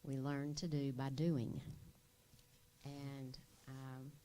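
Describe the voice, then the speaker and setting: An older woman with a low voice shares stories at a board meeting. Her manner is folksy and appreciative, and she slips easily into anecdotes. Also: flat delivery, very slow, warm tone. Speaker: school board member. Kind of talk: public meeting remarks.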